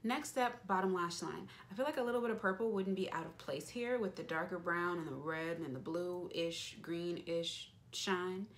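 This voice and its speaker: A woman's voice: lowish voice, moderate pace, hardly any pauses, slight background noise. A young woman beauty vlogger chatting playfully as she narrates each step of her makeup routine. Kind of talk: casual makeup tutorial chat.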